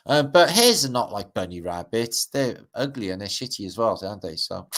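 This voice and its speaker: A man's voice: fairly low pitch, big pitch swings, moderate pace, fairly bright tone. A middle-aged Welsh man hosting a livestream, rambling casually over pictures with wry asides and casual swearing. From Wales. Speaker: livestream host.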